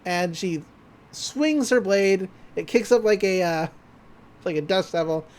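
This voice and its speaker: A woman on a podcast recaps an anime episode in a loose, chatty way. She laughs often and acts out the characters' lines as she goes. Her voice sits at a middling pitch. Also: unhurried, a little mellow. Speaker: podcast co-host.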